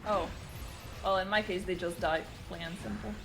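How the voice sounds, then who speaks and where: Dry, deadpan co-host. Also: medium pitch, moderate pace, music in the background, low-quality recording. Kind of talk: casual banter.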